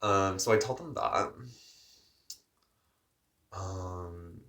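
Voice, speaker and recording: A young man recounts a story straight to the camera in a loose, rambling vlog manner. His voice sits fairly low for a man. He leans on constant filler words as he talks. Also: extremely slow, bright, forceful tone. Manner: chatty, heavy use of filler words. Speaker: vlogger. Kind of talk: casual storytelling.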